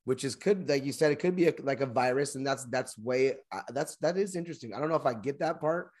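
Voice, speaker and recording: A man in a casual discussion, thinking aloud in halting, restarting sentences. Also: mid-range voice, darkish tone.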